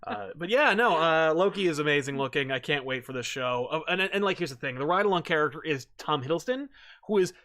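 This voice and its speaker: A man from the United States co-hosting a comic review show, chatting excitedly, rambling with restarts and casual swearing. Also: a little high, brisk. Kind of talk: casual chat.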